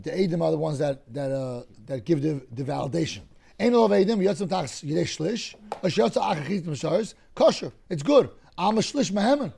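A man teaching a Talmud class, explaining cases through lively hypothetical scenarios and often clearing his throat. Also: fairly high pitch.

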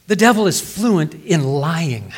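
A man giving a sermon, working through a passage of scripture line by line. His voice sits a little high for a man. He reads the verses aloud and then explains them plainly. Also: very animated, slow, slightly rough. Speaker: pastor.

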